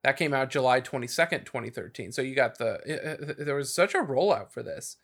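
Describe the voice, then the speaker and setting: Rambling podcast host with a bright voice. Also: male voice, medium pitch, lively intonation, brisk, vocal fry. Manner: rambling, many fillers and restarts. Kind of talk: casual chat.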